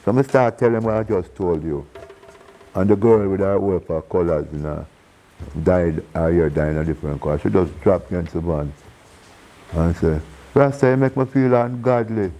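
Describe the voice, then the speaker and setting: Interviewed in a laid-back setting, a Jamaican-accented reggae singer talks at a normal speed in a warm, low register. He animatedly performs the voices of the characters in his stories and frequently bursts into laughter, though the audio is poor.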